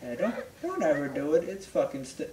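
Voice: medium pitch, a little fast, noisy background. A young adult player chatting casually and profanely while gaming. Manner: profane, animated, mock voices. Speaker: game player. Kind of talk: casual let's-play banter. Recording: echoey room, distant mic.

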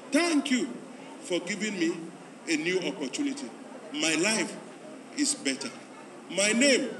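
High-voiced pastor urging in an echoing hall. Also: male voice. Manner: repetitive, urging, rising to loud pleading calls. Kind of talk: altar call and led prayer. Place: large church hall at a convention. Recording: echoey hall, distant mic, crowd noise.

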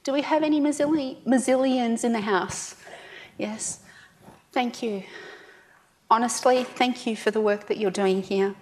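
A woman's voice: a little high, unhurried, pauses often, darkish tone, long reverb tail. An Australian woman giving a conference talk, chatty and joking with the audience. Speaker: conference speaker.

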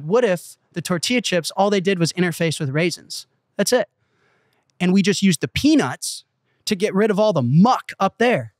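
A man as an interview guest, telling a story with excitable, profane emphasis in a casual way. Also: high-pitched, brisk. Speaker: interview guest, company CEO. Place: Malibu.

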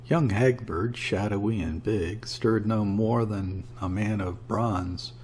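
A man narrating a classic short story as an audiobook, in a steady storytelling manner. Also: on the low side, takes it slowly, a little hiss or hum.

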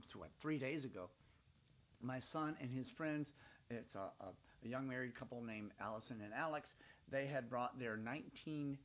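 A man's voice: medium pitch, a bit bright. An older man from Georgia with a Southern accent, telling playful stories to children by his fireplace at home. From Georgia, USA. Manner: chatty, playful, rambling. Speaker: storyteller. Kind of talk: folksy storytelling for children.

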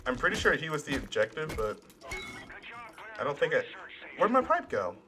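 A man's voice: mid-range voice, animated, moderate pace, music in the background. A young man casually commentating a video game as he plays, swearing often, cracking sarcastic jokes and talking back at the characters. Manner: profane, sarcastic, jokey. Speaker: gaming channel host. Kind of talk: casual let's play commentary.

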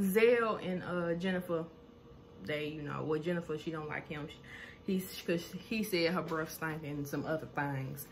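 A woman with a slightly low voice recaps reality TV drama in a loose, gossipy way. She is animated and often slips into impressions of the cast. A faint hiss runs under the recording. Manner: animated, laughs often, acts out quoted lines.

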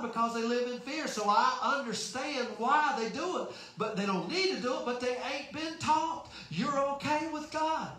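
A man's voice: very high-pitched, lively intonation, moderate pace, hardly any pauses, bright, forceful tone. Man, pastor, sermon, folksy, emphatic, rhetorical questions, heavy room echo. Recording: very echoey room.

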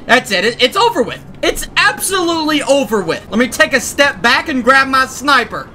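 A young man giving excitable gameplay commentary, often shouting and laughing as he plays. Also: very high voice, normal speed, slight background noise. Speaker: gaming YouTuber.

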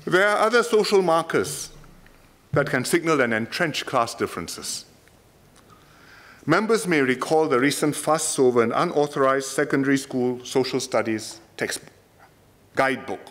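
A man from Singapore with a Singaporean English accent, giving a speech in a parliament chamber in measured, emphatic short phrases. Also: fairly high pitch, a bit bright. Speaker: politician.

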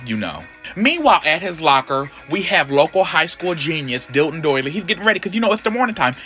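A man's voice: on the high side, sharp tone. A man recapping a comic in a casual, sassy, profane and gossipy way.

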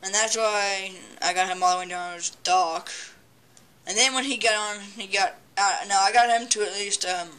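Bright-voiced rambling gameplay commentator. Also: mid-range voice, fairly even intonation, moderate pace, clean tone. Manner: rambling, chatty, talks back at the game; frequent restarts and stammering. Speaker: gameplay video maker.

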